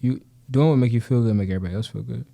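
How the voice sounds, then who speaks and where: His medium-pitched voice is creaky yet mellow, and he races along as he tells stories. He's a young man from Detroit, a guest and actor, whose casual talk is slangy, profane and full of "you know what I'm saying."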